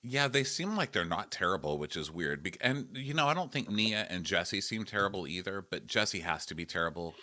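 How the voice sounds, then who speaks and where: A middle-aged man co-hosting a podcast in casual chat, animated and fond of sudden impressions. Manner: animated, breaks into quick high impressions. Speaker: podcast co-host.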